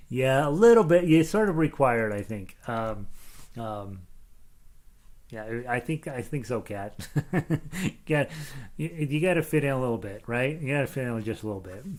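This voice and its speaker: A man's voice: mid-range voice, expressive, a little slow, pauses often, darkish tone. A middle-aged man teaching ukulele, chatting casually on a live stream and reading out viewers' comments with plenty of fillers and jokes. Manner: chatty and jokey, lots of fillers, breaks into laughs and snatches of song. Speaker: ukulele teacher greeting class chat.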